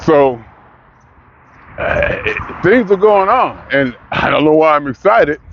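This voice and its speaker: A man's voice: fairly high pitch, sing-song, takes it slowly, highs cut off, background noise. Man rambling through a loose monologue. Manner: rambling, self-questioning, restarts often; slips into mocking put-on voices. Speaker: vlogger. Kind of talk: casual monologue.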